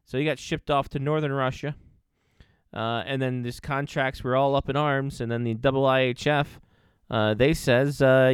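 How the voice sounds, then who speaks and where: A man's voice: mid-range voice, moderate pace, smooth, dry recording, clean studio sound. A man co-hosting a hockey podcast, chatting casually and laid-back with short agreeing replies. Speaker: podcast co-host. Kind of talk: casual chat.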